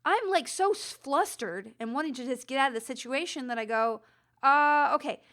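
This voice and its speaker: A woman with a high voice hosts a podcast, telling a long story in a casual, animated way. She talks herself in circles, restarts her sentences and pokes fun at herself. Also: fairly quick. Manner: animated, self-deprecating, rambling with restarts. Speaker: podcast host.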